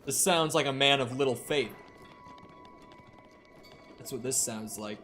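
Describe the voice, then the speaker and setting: A man's voice: mid-range voice, measured pace, a bit bright, soft background music. Chatty man with a light Minnesotan accent. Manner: chatty, profane, reads chat aloud. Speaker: game streamer. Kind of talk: casual live-stream commentary.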